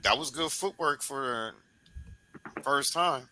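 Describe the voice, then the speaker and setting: A man hosting a sports podcast interview, talking in a loose, encouraging, coach-like way and beating out rhythms with repeated boom sounds. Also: slow, bright, forceful tone, a little hiss or hum, low-quality recording. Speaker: podcast host. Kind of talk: casual sports interview chat.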